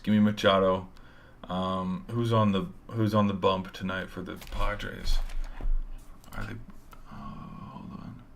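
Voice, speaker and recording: Low bright-voiced man hyping sports picks. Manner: rambling, hyped, casual with mild swearing. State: tired, voice giving out. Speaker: sports show host. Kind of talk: casual sports predictions.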